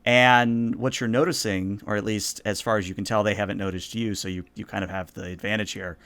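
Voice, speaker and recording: Low-voiced man narrating as game master. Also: fairly quick, no echo. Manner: relaxed, meandering narration with fillers.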